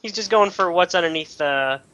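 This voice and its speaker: A man's voice: high-pitched, normal speed, sharp tone. Joking man at a game table, dull audio. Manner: joking, rambling with fillers. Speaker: player. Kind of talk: casual tabletop banter. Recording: dull lo-fi recording.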